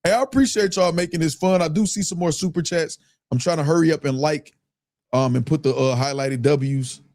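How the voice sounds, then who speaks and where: Male streamer host, slangy and casual, reads super chats, slightly higher-pitched voice. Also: a little fast. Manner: loose, slangy, keeps breaking into laughter; reads viewer comments aloud in a relaxed drawl. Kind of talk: casual live-stream chat.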